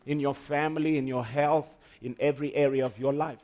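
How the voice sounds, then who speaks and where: A man's voice: mid-range voice, steady tone, fairly quick, a little mellow. A man preaching a sermon, emphatic, with call-and-response to the congregation. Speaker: pastor.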